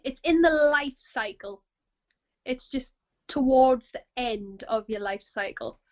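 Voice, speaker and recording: Woman, northeast English accent, high voice, chatty and self-mocking, casual video-call chat, lo-fi sound. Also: takes it slowly. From northeast England. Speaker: podcast co-host.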